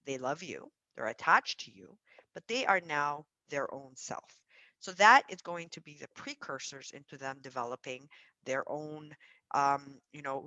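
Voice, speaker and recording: A woman who runs a childcare centre, explaining early childhood development to parents in an animated, emphatic way. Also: low voice, no echo, low-quality recording. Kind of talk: parenting talk to camera.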